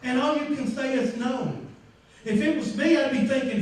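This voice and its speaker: A man pastor preaching a sermon, telling a story with lively acted-out voices and sudden shouts. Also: very high voice, moderate pace. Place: church sanctuary. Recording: echoey church room, mic far off.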